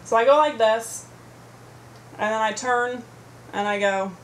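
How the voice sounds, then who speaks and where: At home, a woman vlogger tells a story to her computer camera in a casual, rambling, profane rant, recorded on the webcam mic. Her voice is a little high and a little slow, with a slight hiss or hum.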